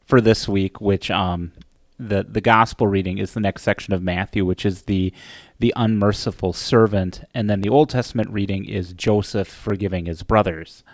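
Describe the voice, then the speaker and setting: A man co-hosting a church discussion who speaks in a measured way and reads scripture aloud plainly. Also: on the low side, steady tone, dry recording, studio quality. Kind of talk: conversational church podcast discussion.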